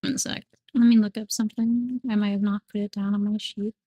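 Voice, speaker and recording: A woman's voice: medium pitch, level tone, brisk, warm tone, dry recording. A woman playing in a tabletop game, chatting casually while checking her character sheet. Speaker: player.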